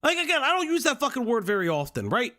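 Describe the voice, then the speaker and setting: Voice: medium pitch, huge pitch swings, quick pace, bright, forceful tone. A streamer giving live reaction commentary, ranting with heavy profanity and exasperation.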